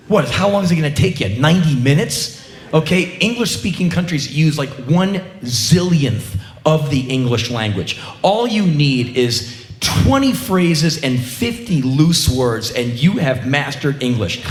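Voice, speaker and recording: A man's voice: mid-range voice, animated, moderate pace, roomy sound. A middle-aged man telling a sarcastic, profane comic story on stage. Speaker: spoken-word comedian.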